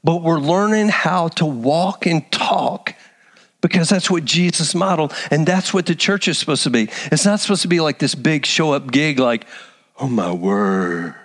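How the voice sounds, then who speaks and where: A man preaching a sermon to a large church congregation, animated and conversational, calling people up to the stage. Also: a little high, normal speed, big-room sound. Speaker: pastor.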